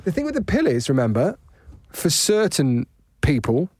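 A man co-hosting a podcast in casual chat, jokey and quick to laugh. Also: fairly high pitch, wildly swooping pitch, darkish tone, slightly rough, no echo. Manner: chatty, laughs often, jokey. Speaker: podcast co-host.

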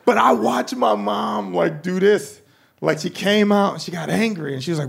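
A man doing stand-up with a high, gravelly voice and a profane, animated delivery. He acts out the people in his stories, often pushing up into shouts. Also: moderate pace. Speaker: stand-up comedian. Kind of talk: stand-up routine.

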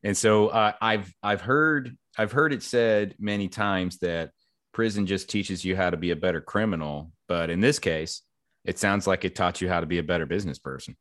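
A man's voice: low-pitched, normal speed, a bit bright, no room sound. A man hosting an interview, asking easygoing, rambling questions. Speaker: interviewer, host. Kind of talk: casual interview.

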